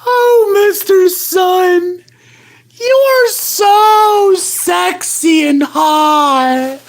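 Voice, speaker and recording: A woman's voice: extremely high pitch, drawn-out words, exaggerated voice. A woman voicing a lovesick male plush toy with an overdramatic, wailing, gushing manner, acted for a comic live-stream skit.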